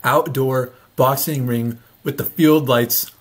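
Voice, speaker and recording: A man's voice: medium pitch, fairly even intonation, takes it slowly. A man hosting a reaction video, talking bluntly and mocking what he watches in casual, sarcastic commentary.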